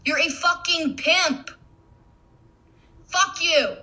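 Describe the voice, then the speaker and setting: A woman's voice: very high voice, drawn-out words, bright, forceful tone, low-quality recording. A young woman in a casual, profane rant, blunt and swearing often, laughing as she talks. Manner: blunt, swears a lot, laughs mid-sentence. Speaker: content creator.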